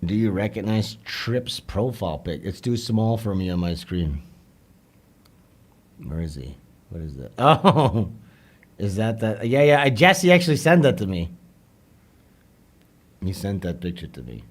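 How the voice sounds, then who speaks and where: Low-voiced livestreamer joking around. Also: male voice, very animated, measured pace, pauses often. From Netherlands (Limburg). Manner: loose, joking, switches into Dutch and German. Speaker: livestream host. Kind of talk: casual livestream chat with viewers.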